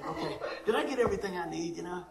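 Laughing pastor in an echoey room. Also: male voice, sits high, rapid-fire, creaky, noisy background. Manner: lively storyteller, laughs often, acts out the people in his story. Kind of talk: sermon opening with a comic personal story.

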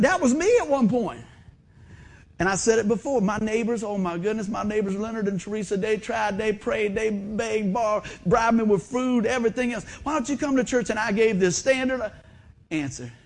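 A middle-aged man, preaching a folksy, animated sermon in a church and asking the congregation questions. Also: high voice, moderate pace. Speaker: pastor. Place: church sanctuary.

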